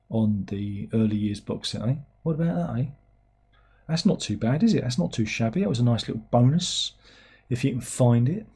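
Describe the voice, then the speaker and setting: A man's voice: medium pitch, warm tone, husky. A middle-aged man, hosting a livestream in casual chat. He rambles and mocks himself as he reads out viewers' comments. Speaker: livestream host.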